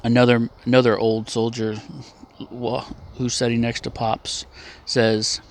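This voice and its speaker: A man telling a story in a casual, plainspoken, unhurried way, with a few restarts. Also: medium pitch, monotone.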